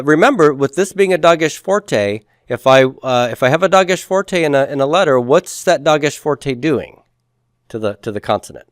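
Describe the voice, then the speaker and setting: A man's voice: mid-range voice, dry recording, clean studio sound. A man teaching Hebrew grammar to a class, patiently explaining and asking students to repeat words after him.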